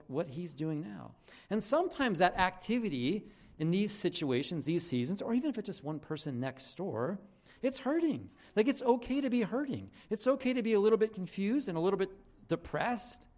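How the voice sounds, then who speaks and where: A young man preaching a casual, conversational sermon to his church, talking loosely with frequent restarts and fillers. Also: on the high side. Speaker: pastor.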